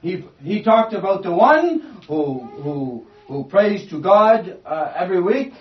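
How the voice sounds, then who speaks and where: A man preaching a sermon in short phrases, pausing for his interpreter after each one. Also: high voice, very animated. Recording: roomy, distant, dull sound.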